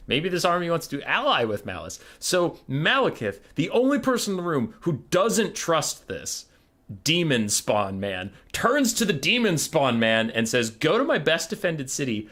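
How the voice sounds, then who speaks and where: A man streaming and casually retelling a story to his chat, animated, exasperated and swearing freely. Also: a little high, a little slow.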